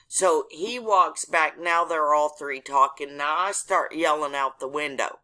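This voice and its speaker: A woman's voice: low-pitched, a little slow, hardly any pauses, pushed and bright. A woman telling a story in casual chat, blunt and profane in manner.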